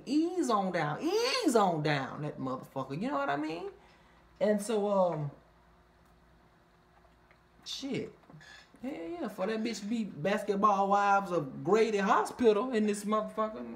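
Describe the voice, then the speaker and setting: A speaker reviewing a reality show episode in a casual, heavily profane way, leaning on "you know what I mean" and now and then jumping up into squealing impressions of the cast. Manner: animated, swears constantly, fillers like "you know what I mean"; jumps into high squealing impressions of others. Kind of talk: casual profane recap vlog.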